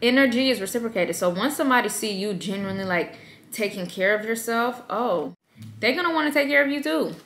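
A woman in her thirties giving self-care advice to moms in a lively, conversational vlog. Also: fairly high pitch, a little fast, gravelly, slight background noise. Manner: lively and conversational, acts out quoted voices. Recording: echoey room.

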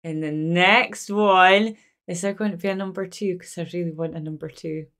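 A woman's voice: lowish voice, fairly even intonation, moderate pace, fairly bright tone. Gushing woman reacting to a film. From Scotland. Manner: gushing and exclamatory, thinks aloud. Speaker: movie reaction host. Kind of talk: casual movie reaction.

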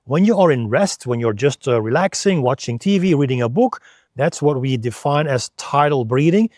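A man's voice: mid-range voice, lively intonation, normal speed, a little mellow, dry recording, clean studio sound. A man, a freediving instructor, patiently explaining breathing step by step in a video lesson.

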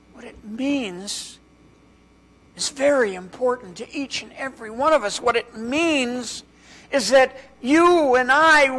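A male pastor preaching a sermon in a church, with dramatic pauses and strings of rhetorical questions, dropping to a hush on key words. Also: extremely high pitch, slight background noise. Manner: drops to a hushed voice on key words.

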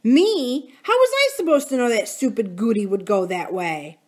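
A woman voicing a bossy young boy who talks loudly and complains in a storybook reading. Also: a little high, expressive, moderate pace, pitched above the performer's own voice. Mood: irritated. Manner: loud, irritated and bossy.

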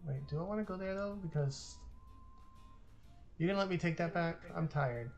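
A woman's voice: lowish voice, moderate pace, a little mellow, muffled recording, faint music behind. A woman hosting a board game session, chatting casually, laughing often and thinking her moves aloud into her own mic. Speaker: host and player. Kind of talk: casual chat while playing a board game. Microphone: own streaming mic.

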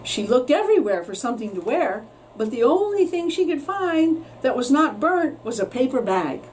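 A woman teacher reading a children's story aloud with expressive storytelling, recorded with a distant mic and faint noise. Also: sits high, moderate pace.

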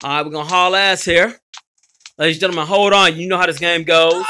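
A man hosting his gaming channel, giving live gameplay commentary in an excitable, slangy way and yelling at his teammates. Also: sits high, a little fast, a little hiss or hum.

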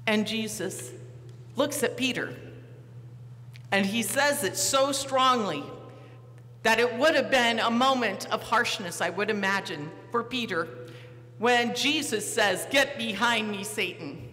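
Bright-voiced pastor preaching in a church. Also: mid-range voice, slow pace, pauses often. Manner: storytelling, acting out the disciples, posing questions to the listeners. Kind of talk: sermon. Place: church sanctuary. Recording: reverberant church hall, faint hum.

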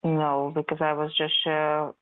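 Flat-voiced man over a tinny phone line. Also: a little high, a little slow, clean tone. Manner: evasive, stalling, repetitive. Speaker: phone scammer posing as support agent.

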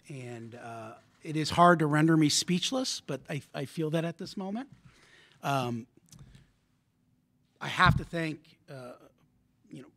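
A man from Illinois, a newly named athletic director, giving an emotional, halting press conference speech full of ums and repeated words. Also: fairly high pitch, fairly bright tone.

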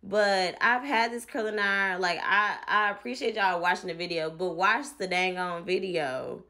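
A woman's voice: mid-range voice, moderate pace, sharp tone. A young woman chatting casually to viewers while doing a hair tutorial, with playful asides and a mock rant. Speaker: hair vlogger.

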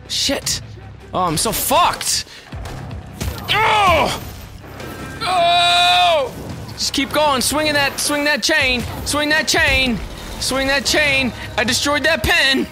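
A young man doing let's play commentary, excitable and swearing, shouting at enemies as he plays. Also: very high voice. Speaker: gameplay commentator. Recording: game music behind.

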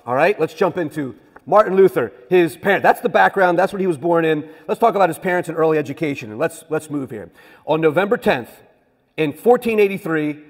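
A man's voice: on the high side, breathy edge, in a large hall. A man teaching a church history class in a conversational way, often asking the listeners rhetorical questions.

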